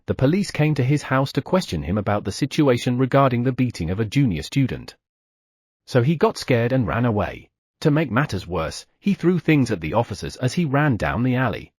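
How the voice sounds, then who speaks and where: A man narrating an audiobook in the first person with expressive delivery. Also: mid-range voice, slightly rough, no room sound, studio quality.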